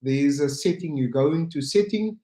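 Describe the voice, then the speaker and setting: A slightly high-voiced man with a South African accent co-hosts an online maths workshop. He explains a setting to viewers in a plain, steady way, and the room around him sounds echoey. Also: normal speed. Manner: teasing, then plainly explaining. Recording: roomy echo.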